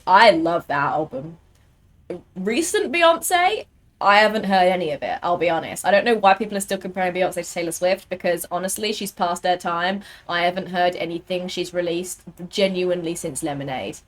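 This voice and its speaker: A young British woman streaming a game, chatting casually and rambling with lots of fillers. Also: fairly low pitch. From United Kingdom. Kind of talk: casual gaming chat.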